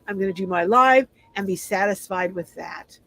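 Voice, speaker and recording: A woman's voice: medium pitch, normal speed, a bit bright, no room sound, low-quality recording. A middle-aged woman hosting a casual livestream, reading viewer comments aloud and answering them in a chatty way. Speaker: live stream host.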